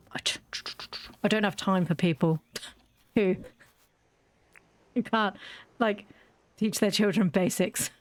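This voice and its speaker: British woman ranting over a game, blunt, swears a lot, mid-pitched voice. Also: dry recording. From Britain. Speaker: YouTuber playing a game. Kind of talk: casual gameplay commentary.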